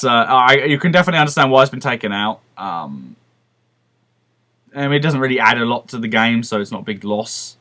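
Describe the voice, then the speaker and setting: A man's voice: medium pitch, fairly bright tone. Man rambling through a casual game review. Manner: rambling and profane, with frequent restarts and fillers; enthusiastic, laughs often.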